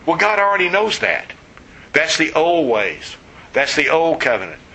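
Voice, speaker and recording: A man's voice: on the high side, moderate pace, poor audio. A man preaching a sermon in a conversational, teasing way, asking the congregation questions. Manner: conversational, teasing, animated storytelling. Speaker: pastor.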